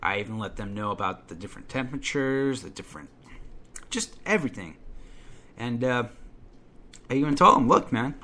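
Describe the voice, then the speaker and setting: A man's voice: mid-range voice, normal speed, pauses often, slight background noise. Man telling a profane comic rant. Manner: animated and profane, acting out his own outbursts. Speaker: podcast storyteller. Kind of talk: comedic first-person rant.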